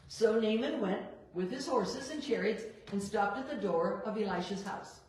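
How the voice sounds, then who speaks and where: A woman leading a Bible study, reading verses and acting out the characters' lines with lively emphasis. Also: medium pitch, normal speed, hardly any pauses. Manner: expressive, acts out biblical characters in quoted dialogue. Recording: roomy echo, voice a bit far from the mic.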